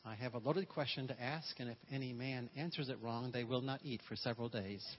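A man's voice: mid-range voice, fairly quick, dull audio, slight background noise. A man preaching a sermon with a humorous manner, calling on his congregation to repeat phrases after him. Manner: humorous, call-and-response with congregation. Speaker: pastor.

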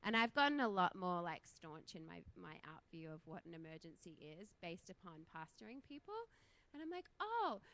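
A woman's voice: lowish voice, very animated, fairly quick, a bit bright. A woman in her thirties from Australia with an Australian accent, preaching a casual, chatty sermon in a church, laughing often and poking fun at herself.

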